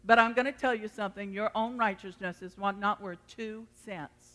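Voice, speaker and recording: A woman's voice: medium pitch, steady tone, moderate pace, bright, forceful tone. A middle-aged woman pastor preaching a sermon, emphatic and acting out the voices she quotes. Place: church sanctuary. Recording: long reverb of a church hall.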